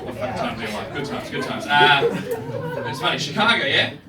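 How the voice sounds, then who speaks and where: Australian man doing lively stand-up. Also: fairly high pitch, normal speed. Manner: crude, punchy, laughing into lines. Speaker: stand-up comedian. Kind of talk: live stand-up comedy set. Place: comedy club stage. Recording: roomy club, distant mic, crowd ambience.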